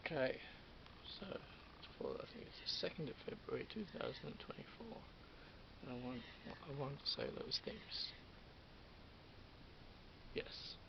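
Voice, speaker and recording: A man's voice: mid-range voice, animated, unhurried, gravelly, long pauses. An Australian man in his fifties rambling through a solo vlog, often restarting and repeating himself. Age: 50s. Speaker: vlogger. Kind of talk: rambling monologue. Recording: dull lo-fi with hiss.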